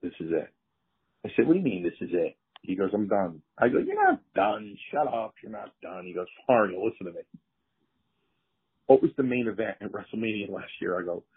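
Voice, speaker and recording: Older guy spinning old war stories, does everybody's voices, kinda gravelly, phone line sound. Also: lowish voice. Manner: animated anecdotes, acts out quoted voices. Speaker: retired wrestler telling stories. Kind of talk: casual storytelling.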